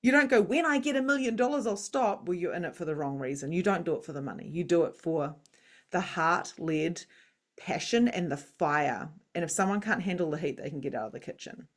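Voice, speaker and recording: Lively woman, low-pitched. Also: a little fast. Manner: animated, swings between loud quoted voices and soft low asides. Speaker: guest, spiritual coach and psychic medium. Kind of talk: candid interview talk.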